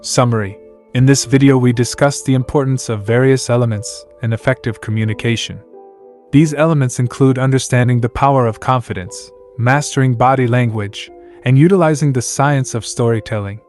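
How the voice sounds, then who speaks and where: A man giving a scripted narration in a measured, announcer-like way, walking through numbered points. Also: mid-range voice, a little mellow, faint music behind.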